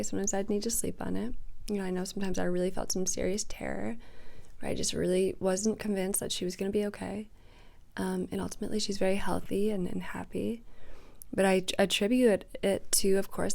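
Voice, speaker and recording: A woman talks in a casual vlog about her coaching practice with a low, gravelly voice. Her delivery stays flat and steady. She speaks softly and sometimes slips into a whisper. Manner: soft-spoken, drops to a whisper at times. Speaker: manifestation coach. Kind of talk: casual reflective vlog talk.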